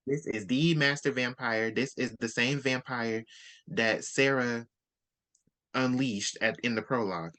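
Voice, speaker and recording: A book-swap co-host chats casually about a book, animatedly retelling its plot and acting out the characters' lines. His voice is mid-range with a fairly bright tone.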